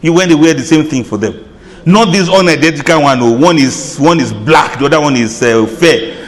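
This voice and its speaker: A man's voice: a little high, animated, fairly quick, big-room sound. A man giving an Islamic lecture, chatty and humorous, laughing at his own asides. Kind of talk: lecture to an audience.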